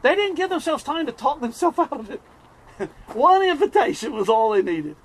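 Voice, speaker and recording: Preaching with animated storytelling and frequent chuckles, a middle-aged East Coast American man speaks at normal speed in an extremely high pitch.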